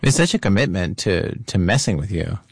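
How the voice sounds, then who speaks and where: A male podcast host with a fairly low voice. He narrates calmly and asks curious questions. The sound is dry and close. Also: brisk, vocal fry, slightly rough, no room sound. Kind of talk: narration and interview.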